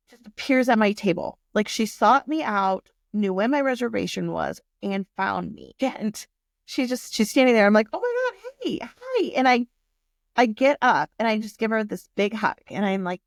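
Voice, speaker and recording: A woman's voice: medium pitch, vocal fry, no room sound, clean studio sound. A woman in her forties telling a personal story in a candid, emotional way and swearing freely. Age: 40s. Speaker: vlogger.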